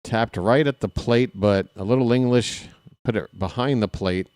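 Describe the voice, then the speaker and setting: A man doing casual live play-by-play of a ballgame, chatting straight to his viewers between pitches with candid, self-deprecating asides. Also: moderate pace, a little mellow, clean tone, dry recording. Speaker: play-by-play commentator.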